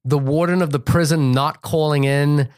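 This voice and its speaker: A man's voice: on the high side, fairly even intonation, darkish tone, no room sound. Guy on a movie podcast, trips over his words a lot, dry close sound. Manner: halting, many restarts and repeated words. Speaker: podcast co-host. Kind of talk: casual movie review chat.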